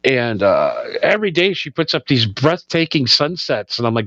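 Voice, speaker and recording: A man's voice: mid-range voice, sing-song, moderate pace, fairly bright tone, dry recording. Laid-back rambling man, lo-fi podcast sound. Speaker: podcast co-host. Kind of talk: casual stoner podcast chat. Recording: slightly dull lo-fi sound.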